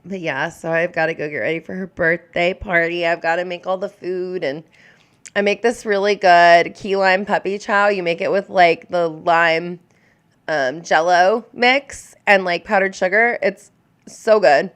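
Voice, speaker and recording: Chatty woman in her thirties, smooth voice. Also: lowish voice, fairly even intonation, unhurried. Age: 30s. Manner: rambling, chatty, full of "like" and "um"; warm and openly emotional toward viewers. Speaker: live streamer answering viewer questions. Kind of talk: casual live chat.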